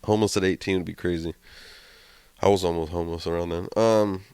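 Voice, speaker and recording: Young male podcast co-host, blunt and profane, low voice, close dry mic. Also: steady tone, fast talker, a little mellow, clean tone, no room sound. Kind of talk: casual chat.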